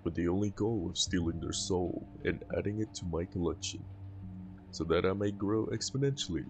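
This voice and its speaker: A man voicing a boastful century-old male demon in a deeper, taunting put-on voice for a video game. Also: moderate pace, noisy background.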